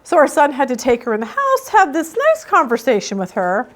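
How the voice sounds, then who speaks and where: A woman's voice: high-pitched, wildly swooping pitch, brisk. A middle-aged woman teaching a Bible study in a casual, emphatic, storytelling way.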